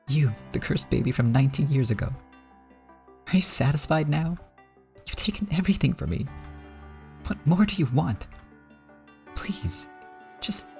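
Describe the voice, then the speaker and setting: A man's voice: fairly low pitch, vocal fry, a little mellow. A man reading aloud as a proud middle-aged woman, bitter and anguished, accusing and then pleading. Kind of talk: reading a visual novel aloud.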